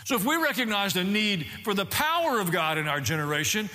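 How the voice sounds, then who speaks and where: A man preaching a sermon as pastor, animated, rising and falling as he teaches. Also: sits high, fairly quick, big-room sound.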